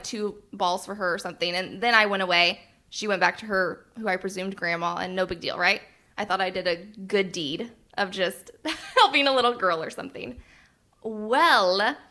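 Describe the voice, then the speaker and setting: A young woman with a bright, clear voice tells a personal story on a casual podcast. She talks earnestly, laughs between phrases and gets openly emotional as she goes. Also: medium pitch. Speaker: podcast co-host.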